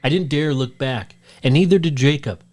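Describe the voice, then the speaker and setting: A man co-hosting a podcast, reading a listener's spooky story aloud in a steady storytelling voice. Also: mid-range voice, moderate pace. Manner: steady storytelling read, shouts out the quoted lines. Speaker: podcast co-host.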